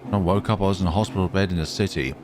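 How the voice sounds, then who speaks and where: A man's voice: sits low, very fast, noisy background. A man narrating a horror game playthrough, musing and reading the on-screen text aloud. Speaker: gamer. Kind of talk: let's play commentary.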